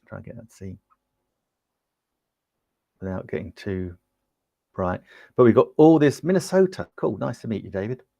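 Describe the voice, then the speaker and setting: A man's voice: fairly low pitch, sing-song, normal speed, vocal fry, pauses often, warm tone, no echo. An English man hosting a livestream, chatting upbeat with viewers and demonstrating a camera, with lots of ums, on a lapel mic in a small home studio. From United Kingdom. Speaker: livestream host demonstrating gear. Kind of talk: casual product demo on a livestream.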